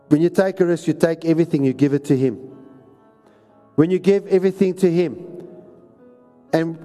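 A pastor with a slightly high, warm voice preaches a sermon, exhorting his listeners and repeating lines for emphasis. The recording comes from a reverberant hall.

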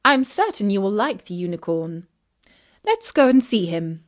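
A woman's voice: mid-range voice, sing-song, normal speed, close to an everyday voice. Woman voicing a cool young English witch. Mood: polite. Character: young English witch in tweed, smoothly businesslike.

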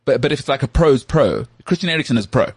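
A man co-hosting a podcast, talking football in an animated, joking way. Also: mid-range voice, breathy edge, no echo. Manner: animated, jokey, does quick impressions of others. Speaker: podcast co-host. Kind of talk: casual sports chat.

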